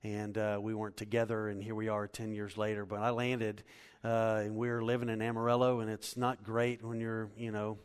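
A man's voice: lowish voice, monotone, moderate pace, few pauses, smooth, long reverb tail. A man in his forties preaching a conversational sermon as pastor, talking easily and personally. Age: 40s. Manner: conversational, laughing asides.

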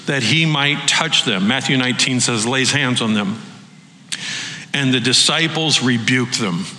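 A man preaching a sermon, animated, acting out the voices he quotes. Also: mid-range voice, echoey room, long reverb tail, poor audio. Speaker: pastor.

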